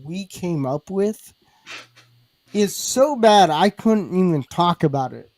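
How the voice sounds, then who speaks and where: Brief: high-pitched male podcast host, dry close sound, teasing and crude. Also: lively intonation, slow pace, no room sound. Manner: crude, teasing banter with loud laughs. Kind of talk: casual chat.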